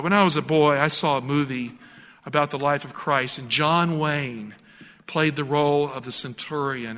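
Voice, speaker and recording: A man preaching a radio sermon, swinging from hushed, slow reflection to emphatic, rising appeals. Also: on the high side, long reverb tail.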